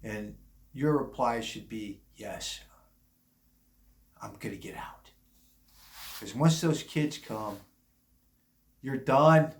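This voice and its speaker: A man's voice: on the high side, echoey room. A man in his fifties, a little drunk, giving blunt, rambling warnings in a casual monologue. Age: 50s. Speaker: vlogger.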